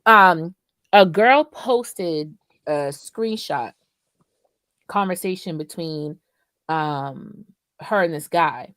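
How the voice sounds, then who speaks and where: A woman co-hosting a podcast, telling a story in casual chat, animated and profane, laughing often. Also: fairly low pitch, extremely slow, long pauses, dry recording, clean studio sound. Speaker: podcast co-host.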